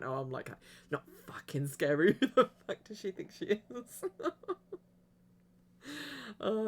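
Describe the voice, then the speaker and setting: A woman livestreaming a video game, chatting casually to her viewers in a rambling way and giggling often. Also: extremely low pitch. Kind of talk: casual chat while streaming a game.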